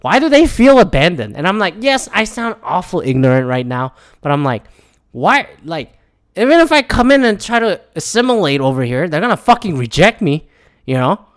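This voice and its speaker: A man's voice: a little high, very animated, moderate pace, fairly bright tone, dry recording. A man ranting casually, swearing often and rambling with frequent restarts and repeated words. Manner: profane, frustrated, rambling with restarts. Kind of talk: casual rant.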